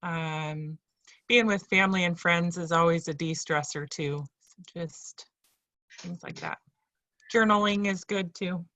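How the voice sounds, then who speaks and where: Slow, hesitant woman student. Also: fairly low pitch, pushed and bright.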